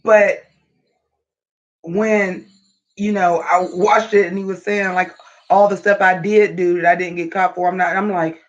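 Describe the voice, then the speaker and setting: This high-pitched male streamer keeps a measured pace and pauses often while chatting and ranting at his audience. He's animated and foul-mouthed, and the recording sounds dull and lo-fi.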